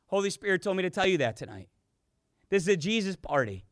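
A man with a high, ringing voice preaches a fervent sermon, building to loud emphatic peaks and then dropping to near-whispers. The sound is dry and close, with almost no room echo around him. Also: lively intonation, a little fast. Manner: impassioned preaching that swings from loud to hushed. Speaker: pastor.

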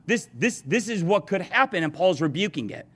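A very animated man with a high, fairly bright voice preaches at a moderate pace. Speaking directly to the congregation, he's earnest and keeps restarting or repeating words.

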